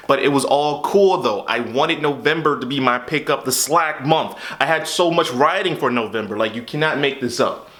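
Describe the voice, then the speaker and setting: A man's voice: fairly high pitch, a bit bright. A young man in a candid, frustrated monologue to camera, venting about a hard stretch of his life. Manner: frustrated, exasperated storytelling with repeated "what the hell". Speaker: YouTube creator.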